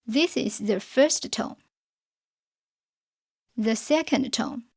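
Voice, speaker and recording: A woman teaching a scripted beginner pinyin lesson, speaking in a slow, careful way for learners to follow and repeat. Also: a little high, creaky, slightly rough. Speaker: Chinese teacher.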